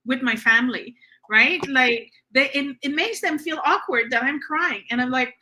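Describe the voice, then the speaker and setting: A woman's voice: high voice, moderate pace, pushed and bright, a little hiss or hum. A woman hosting a spiritual podcast, talking in an earnest, reassuring way with frequent fillers. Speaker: podcast host. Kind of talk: casual spiritual conversation.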